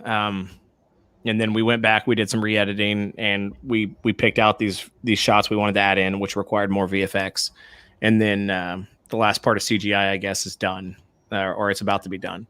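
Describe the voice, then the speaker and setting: A man's voice: on the low side, little pitch movement, moderate pace, sharp tone, clear, resonant tone, dry recording. A man co-hosting a podcast in casual chat, laid-back and rambling. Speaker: podcast co-host.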